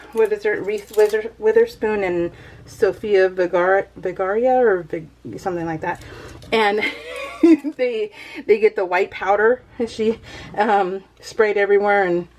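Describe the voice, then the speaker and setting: A woman's voice: mid-range voice, a little mellow. A woman from Northern California chatting casually over her crafting video, rambling to her viewers and giggling often between phrases. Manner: rambling, talks straight to viewers. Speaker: crafting vlogger.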